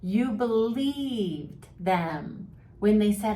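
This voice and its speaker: A woman's voice: mid-range voice, a little slow, darkish tone. A woman vlogger giving mental health advice straight to her viewers, sympathetic and chatty with a teasing, sarcastic edge. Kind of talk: direct-to-camera advice talk. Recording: roomy echo with faint background noise.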